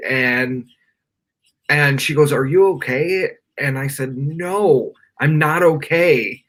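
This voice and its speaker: A man's voice: mid-range voice, a bit bright. A young man, a podcast guest, telling a personal story with earnest, rambling talk full of "like" fillers, speaking from his bedroom on a remote call. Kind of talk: candid personal storytelling in a live interview.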